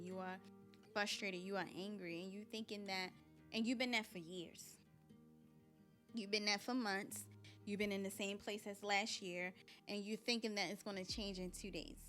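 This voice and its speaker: Young woman, podcast host, bright forceful voice, candid and preachy, faint music underneath. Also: mid-range voice. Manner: candid, preachy, talks straight to listeners. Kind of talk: casual motivational monologue.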